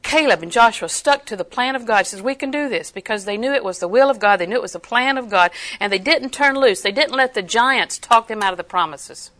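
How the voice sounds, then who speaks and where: Bright-voiced emphatic older woman preacher. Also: on the high side, a little fast, hardly any pauses. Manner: animated, emphatic, acts out quotes. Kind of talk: sermon.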